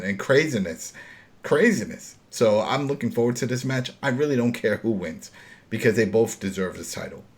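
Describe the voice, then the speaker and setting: This is a man with a thick Brooklyn accent hosting a casual wrestling chat. His voice sits a little low, and he talks bluntly, with plenty of profanity and lively emphasis. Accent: New York Brooklyn. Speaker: podcast host.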